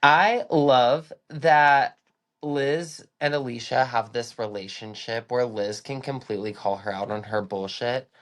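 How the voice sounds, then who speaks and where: A man co-hosting a casual reality TV recap podcast, gossipy and animated, acting out what cast members said. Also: mid-range voice, unhurried. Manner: gossipy, animated, acts out quotes in put-on voices. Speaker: podcast co-host.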